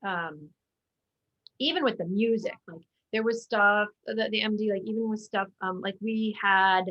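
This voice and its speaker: A woman's voice: medium pitch, normal speed, highs cut off. A woman guest on an interview show, talking casually about her theater work, chatty and full of fillers and restarts. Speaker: guest, musical theater actor.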